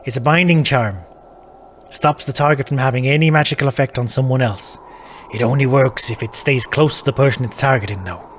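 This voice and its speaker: A man playing a gruff, wry druid, a plainspoken country man in a video game who speaks of old gods and omens with dry certainty. His voice sits at a middling pitch with a faint hiss of noise behind it. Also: brisk, natural voice. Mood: matter-of-fact. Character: plainspoken middle-aged male Irish druid hotel guest.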